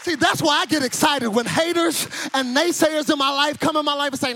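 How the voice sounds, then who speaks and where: A man preaching a sermon, telling a childhood story and then shouting and calling the congregation to answer back. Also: very high-pitched, fairly quick, hardly any pauses, slight background noise. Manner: animated, shouting and call-and-response with the crowd. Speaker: pastor.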